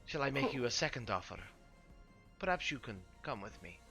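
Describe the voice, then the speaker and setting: A man voicing a menacing vampire lord who coaxes quietly and coldly, in a tabletop game. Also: medium pitch, very animated, brisk, soft background music. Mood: coaxing.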